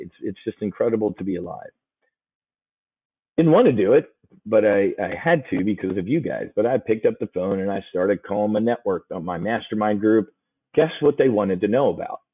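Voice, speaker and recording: A man hosting a live options trading show, talking to viewers in a brash, excitable way with quick asides. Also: lowish voice, breathy edge. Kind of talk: live market commentary to viewers. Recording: phone-like narrow sound.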